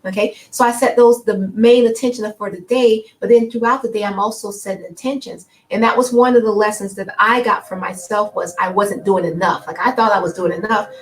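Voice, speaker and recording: A woman's voice: medium pitch, steady tone, a little fast, few pauses, poor audio. A middle-aged woman giving spiritual guidance on a live broadcast, talking casually and acting out her own inner dialogue. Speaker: spiritual teacher.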